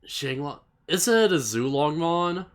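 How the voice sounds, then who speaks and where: A man's voice: fairly high pitch, lively intonation, a little slow. A man co-hosting an anime podcast, chatting casually in a laid-back way, often chuckling and stumbling over names. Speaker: podcast co-host. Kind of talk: casual anime recap chat.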